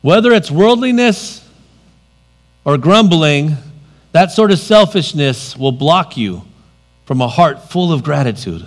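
A man preaching a sermon, expressive, moving between loud emphasis and quiet, dropped asides. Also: a little high, a little slow, long pauses.

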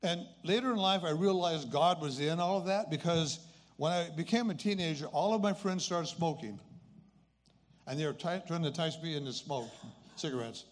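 An elderly man in his eighties tells a personal testimony. His voice sits a little high for a man. He talks in an earnest, plain, conversational way. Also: moderate pace. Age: 80s. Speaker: speaker sharing a personal testimony. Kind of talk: storytelling testimony.

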